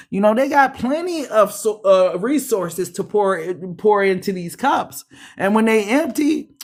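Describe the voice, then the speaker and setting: A woman runs a tarot reading in a loose, chatty way, speaking straight to her viewers. She is animated and slangy, often breaking into laughs and acting out little quotes at a middling pitch. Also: measured pace. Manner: frequent laughs and acted-out quotes; slangy, uses mild profanity. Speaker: tarot reader. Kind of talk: casual tarot reading to camera.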